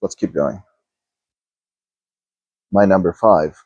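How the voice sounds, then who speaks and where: Hushed, husky-voiced man guiding meditation. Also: deep voice, dry recording, dull audio. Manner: slow, hushed and drifting, with sighs and repeated phrases. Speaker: spiritual teacher. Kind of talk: guided meditation talk.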